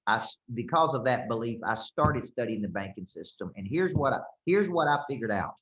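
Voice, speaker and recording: A man's voice: medium pitch, lively intonation, fairly quick, a bit bright. A man coaching a group, speaking emphatically and checking in often with "okay?" and "right?". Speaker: business coach. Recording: roomy, slightly dull sound.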